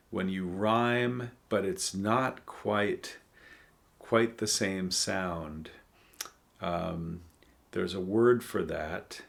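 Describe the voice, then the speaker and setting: A man with a lowish voice reads poetry aloud and muses over it at an unhurried pace. He thinks out loud, trailing off and filling gaps with frequent ums. It sounds like a relaxed, casual reading and commentary. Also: vocal fry. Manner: thoughtful, musing, hesitant with frequent ums. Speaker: channel host reading poems aloud.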